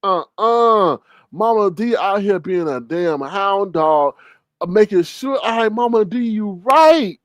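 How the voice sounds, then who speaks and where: A man hosting casual gossip commentary, animated and mocking, often mimicking others with big jumps in his voice. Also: high-pitched, takes it slowly, no echo, lo-fi sound. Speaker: commentary channel host.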